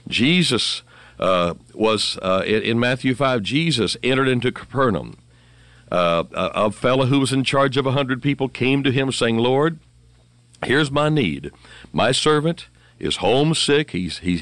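A man's voice: mid-range voice, fairly bright tone, dry recording. A man preaching a radio sermon, rambling and fervent, rising in emphasis as he quotes scripture.

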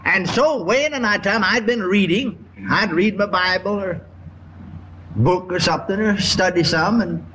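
An older man preaching a sermon to a congregation, telling a story in a folksy, repetitive way with drawn-out emphasis. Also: high-pitched, crowd noise, rough recording. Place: church before a congregation.

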